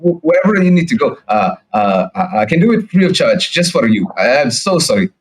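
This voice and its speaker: Man voicing a stammering, fussy cart driver, higher than his own voice, husky, apologetic. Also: very animated, fairly quick.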